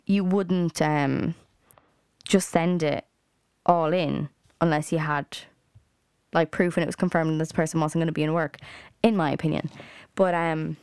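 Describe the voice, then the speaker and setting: A young woman with a lowish voice rants heatedly on her own podcast, swearing freely and padding her speech with fillers. The sound is dry and close, with no room around it. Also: fairly even intonation, measured pace, long pauses, a little mellow, smooth, no room sound. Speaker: podcast host. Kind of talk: solo rant podcast.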